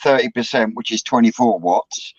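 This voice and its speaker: A man's voice: mid-range voice, moderate pace, husky, no room sound. A man explaining technical details in a plain, matter-of-fact way during a casual group chat on a video call. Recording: dull lo-fi call audio.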